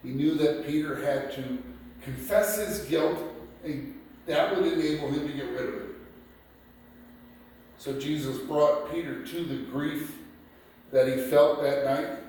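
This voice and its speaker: A man preaching a sermon, reading scripture passages aloud and explaining them in a slow, deliberate way. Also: mid-range voice, a little mellow, slight background noise. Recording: echoey room picked up from a distance.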